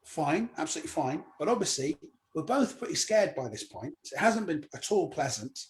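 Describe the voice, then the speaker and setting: A middle-aged comedian, speaking a touch higher than most men. He tells his story casually and with animation, slipping into voices as he acts out what others said. The talk is loose and anecdotal, as a guest on an interview. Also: very animated, brisk. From Cornwall, England. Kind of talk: conversational anecdote.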